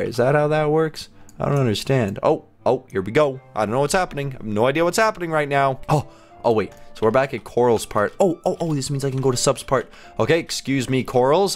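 A young man, a gaming YouTuber, commenting playfully and excitably as he plays, his voice jumping up in squeals. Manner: playful, excitable, quick jumps in pitch, mock voices of friends. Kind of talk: playing a game while commenting. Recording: faint background music.

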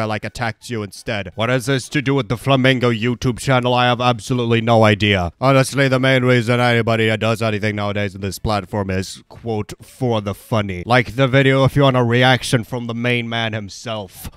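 A man's voice: medium pitch, a bit bright, smooth, no room sound, studio quality. A young man giving sarcastic, rambling commentary over his own Roblox gameplay as a YouTuber. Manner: sarcastic, rambling, self-mocking.

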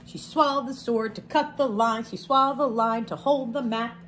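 A woman, a teacher reading a picture book aloud to her class, expressive, with chatty asides between the verses. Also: fairly high pitch, normal speed, few pauses, slight background noise.

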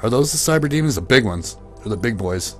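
A man commentating his own gameplay, panicking and swearing through fights, then calming down to chat. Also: medium pitch, a little fast, soft background music. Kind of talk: let's play commentary.

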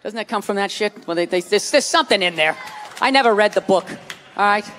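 A man doing a stand-up comedy rant with profane, exasperated delivery and bursts of shouting, on a live stage in front of a loud audience. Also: high voice, brisk, long reverb tail, a little hiss or hum.

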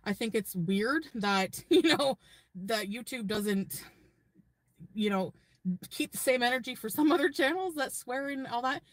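A woman chats away in a loose, rambling vlog from inside her car. Her voice sits a little high. The sound is close and dry. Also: lively intonation, measured pace, no room sound. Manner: rambling, chatty. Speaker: vlogger. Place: parked car.

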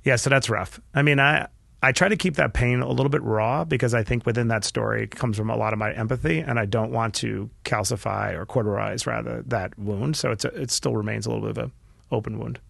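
A middle-aged man, a podcast guest, telling a candid personal story earnestly and with feeling, often restarting his sentences and dropping his voice quietly. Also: mid-range voice, fairly even intonation, a little fast, vocal fry, no echo, clean studio sound. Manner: earnest and emotional, with frequent restarts and quiet dips.

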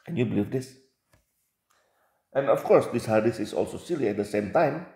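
A man's voice: medium pitch, animated, normal speed, vocal fry, warm tone, reverberant. A man reading religious texts aloud and commenting on them, with emphatic repeats and rhetorical questions.

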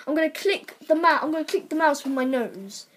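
A teenage girl giving chatty, excitable commentary while opening game card packs at her computer. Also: high voice, brisk, slight background noise. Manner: excitable, chatty, exclaiming over results. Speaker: vlogger. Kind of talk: casual pack-opening commentary.

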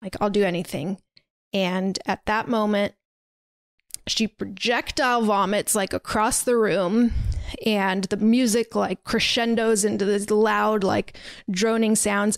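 This podcast co-host speaks slowly and smoothly in a mid-range voice with fairly even intonation, and the recording has no room sound. She recaps in casual chat from her recording setup, rambling and leaning heavily on fillers like "like" and "um."

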